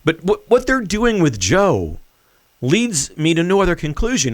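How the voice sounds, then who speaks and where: A man hosting a political commentary show, speaking in an emphatic, deliberate and mocking way. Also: sits high, very animated, no echo. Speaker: host.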